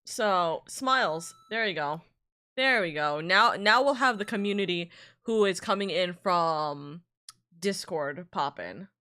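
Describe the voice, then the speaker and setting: A woman's voice: fairly low pitch, animated, unhurried, bright, forceful tone, clean tone. A woman streamer chatting casually on a live stream, rambling with asides while reading out and thanking chat messages. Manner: rambling, self-interrupting asides. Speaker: VTuber streamer.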